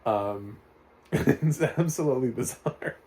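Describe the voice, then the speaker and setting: A man's voice: mid-range voice, slow pace, warm tone. A man reviewing a film in casual, rambling talk with sarcastic asides.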